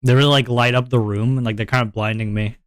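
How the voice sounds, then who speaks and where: A young man chatting casually on a live stream, halting and self-deprecating, often restarting and trailing off. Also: mid-range voice, fairly even intonation, clear, resonant tone, no room sound, clean studio sound.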